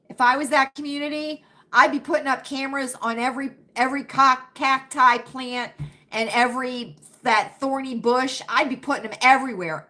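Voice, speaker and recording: An American woman with a fairly high, sharp-toned voice hosts a casual livestream chat. She talks dramatically to her viewers and calls them her friends.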